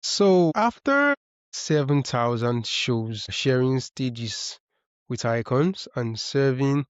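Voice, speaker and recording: A man hosting a podcast, asking his guest questions in a measured, encouraging way. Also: medium pitch, animated, clean tone, dry recording. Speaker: podcast host. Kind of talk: interview questions. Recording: dull lo-fi dry sound.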